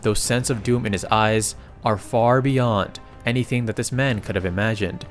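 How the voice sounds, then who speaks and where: A man narrating a comic recap in a casual, excitable way, often breaking into exclamations. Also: fairly low pitch, moderate pace, faint music behind.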